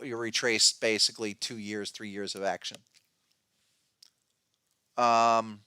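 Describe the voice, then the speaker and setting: Bright-voiced man riffing on markets. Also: medium pitch, clean tone, no echo, clean studio sound. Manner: emphatic, restless, frequent restarts and asides. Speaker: podcast host, trading educator. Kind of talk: casual podcast commentary.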